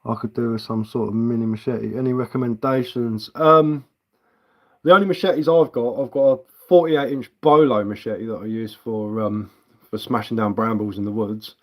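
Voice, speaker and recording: A man's voice: medium pitch, steady tone, normal speed. A man from England hosting a casual livestream as a woodcarver, rambling bluntly and swearing casually while answering viewers. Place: indoors at home.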